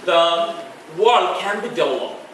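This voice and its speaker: A middle-aged man with a Bangladeshi accent gives a public talk in an echoey lecture hall, heard from some distance off the mic. His voice sits a little high for a man, and his delivery is earnest and halting, full of restarts and chuckles. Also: animated, a bit bright, slight background noise. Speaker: guest speaker.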